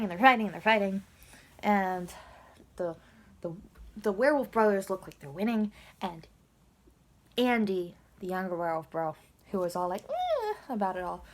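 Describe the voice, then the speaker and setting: A woman giving a casual, rambling recap of a TV episode, swinging between loud outbursts and whispers. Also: medium pitch. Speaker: video blogger recapping a TV episode.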